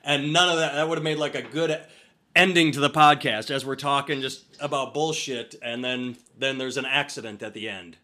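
A man's voice: mid-range voice, moderate pace. A man co-hosting a podcast, telling a long story in casual chat with restarts and swearing. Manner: rambling, animated storyteller with profanity and restarts. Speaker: podcast co-host. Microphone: over a phone-computer call.

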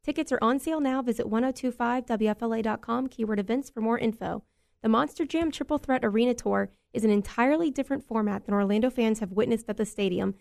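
Female radio co-host, quick brisk promo read, slightly high and creaky. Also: darkish tone. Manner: brisk, upbeat promo reading.

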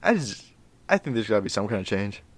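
A man's voice: lowish voice, very animated, fast talker, no echo. A young man co-hosting a podcast, laid-back and jokey in casual chat. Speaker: podcast co-host.

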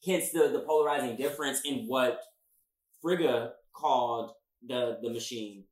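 Male podcast co-host, mid pitch, rambly and emphatic, echoey room. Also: unhurried. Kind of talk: casual chat. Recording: roomy echo.

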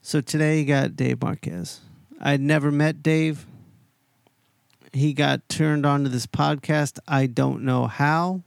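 A man hosting a podcast, telling a long story in a casual, animated way, heavy on swearing and quoted voices. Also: medium pitch, vocal fry, smooth, no echo, clean studio sound. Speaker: podcast host.

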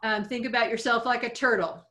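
A woman coach giving advice on a podcast, calm and explanatory, building her points around simple analogies. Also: a little high, fairly quick. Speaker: coach answering listener questions.

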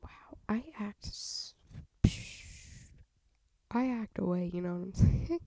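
A woman's voice: mid-range voice, slow pace, mellow. A young woman with a stuffy nose hosting a casual solo podcast, rambling with half-whispered asides into a home mic. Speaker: podcast host.

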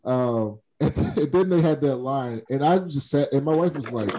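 A man's voice: mid-range voice, normal speed, few pauses, rough recording. A man co-hosting a podcast in casual chat, retelling a story and often laughing as he talks. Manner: animated retelling of a conversation. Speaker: podcast co-host.

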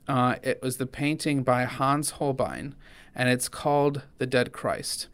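A man co-hosting a faith and politics podcast, talking in an earnest, halting way with many restarts. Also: mid-range voice, fairly even intonation, fairly bright tone. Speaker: podcast co-host. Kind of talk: casual conversational podcast.

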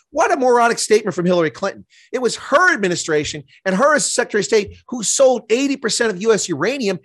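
A man's voice: high-pitched, sing-song, fast, hardly any pauses, fairly bright tone, no room sound. A man giving a guest interview on politics, speaking with indignant, impassioned emphasis. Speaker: guest commentator.

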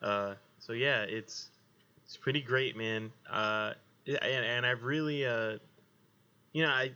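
A man's voice: mid-range voice, takes it slowly, pushed and bright, smooth, muffled recording. A man co-hosting a podcast in casual banter, joking, swearing freely and laughing often. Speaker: podcast co-host.

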